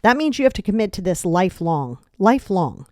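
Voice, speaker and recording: A young adult woman hosting a podcast, giving blunt, animated self-help advice in a casual way with mild swearing. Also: mid-range voice, fairly quick, dry recording, clean studio sound. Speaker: podcast host. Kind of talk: casual motivational talk.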